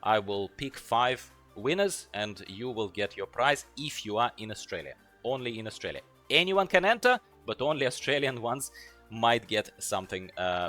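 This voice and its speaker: A man's voice: mid-range voice, sharp tone. A man hosting a video channel, summarizing a translated owner interview in a chatty, emphatic way that repeats words for effect. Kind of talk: casual video commentary.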